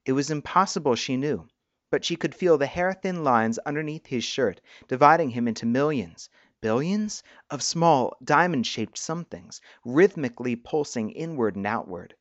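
A man narrating a story in an even, measured reading. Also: mid-range voice, dry recording, dull audio.

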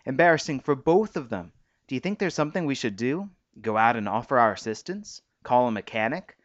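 A man voicing a cheerful young wife, speaking higher and livelier than his own voice, on a dull recording. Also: big pitch swings, brisk, no echo, lightly acted. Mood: amused.

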